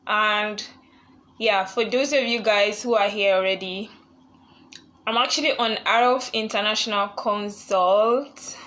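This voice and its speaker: A woman's voice: mid-range voice, a bit bright. A young woman hosting a live online session, chatting casually and laughing often as she greets viewers. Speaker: live webinar host.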